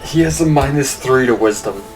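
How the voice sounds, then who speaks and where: A man running a tabletop game as game master, relaxed and laughing easily as he describes the action. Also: mid-range voice, normal speed, over music, rough recording.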